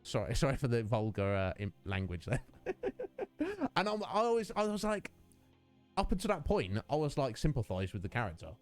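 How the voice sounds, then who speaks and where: A man's voice: medium pitch, big pitch swings, a little fast, soft background music. A man streaming a video game, chatting casually and rambling through a rant with lots of fillers. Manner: rambling, ranting, many fillers.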